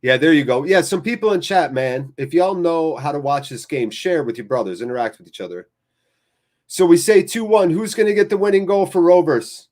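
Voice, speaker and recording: An American man hosting a live fan watchalong, calling the play and chatting with viewers in an excitable, chatty way. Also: on the high side, a little fast. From United States.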